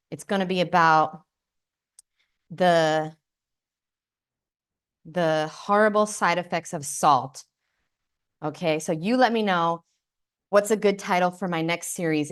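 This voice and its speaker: Brash, profane woman hosting a livestream. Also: on the low side. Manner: brash, profane and playful, chatting with viewers. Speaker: livestream host. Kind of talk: casual livestream chat. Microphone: close microphone.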